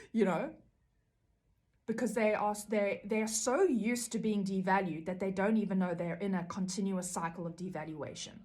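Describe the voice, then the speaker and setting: A woman's voice: mid-range voice, steady tone, moderate pace, a little mellow. Woman vlogger, earnest, rambling, filler-heavy, talks straight to camera about recovery. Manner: earnest, rambling, many fillers and "right?" tags. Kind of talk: casual talk to camera.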